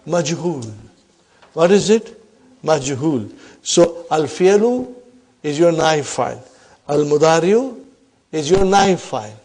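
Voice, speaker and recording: Teacher quizzing his class, mellow voice. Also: high voice. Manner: explains and quizzes students with frequent "huh?". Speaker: Arabic teacher. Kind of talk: classroom grammar lesson.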